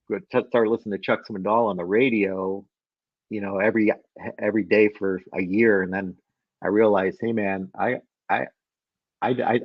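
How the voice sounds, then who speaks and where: A man's voice: on the low side, no room sound, lo-fi sound. A man in his fifties, a guest from the Chicago area, telling a personal story with many restarts and laughing at himself.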